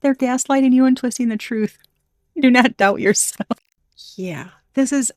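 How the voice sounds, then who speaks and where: A woman's voice: medium pitch, fast talker, darkish tone, no echo. Rambling woman giving a tarot reading. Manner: rambling, hesitant, thinking aloud with many restarts. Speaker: tarot reader.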